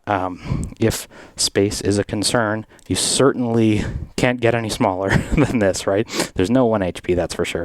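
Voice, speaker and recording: A man's voice: on the low side, dry recording. A man casually rambling as the host of a modular synth video, with many fillers and a voice run through a glitching distortion effect. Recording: synth music playing behind. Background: electronic synth music.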